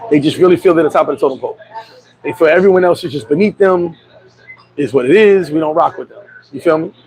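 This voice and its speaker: Man, high voice, livestream host, casual chat, blunt profane storytelling. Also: quick pace, a little mellow, poor audio.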